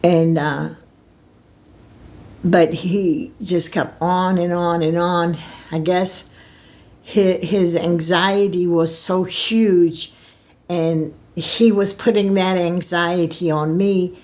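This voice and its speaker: An older woman tells a personal story to her camera in a slow, drawn-out way. Her voice sits a little low, and she rambles, restarting and circling back as her feelings rise. The talk is unscripted and emotional. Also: steady tone, a little mellow. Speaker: vlogger.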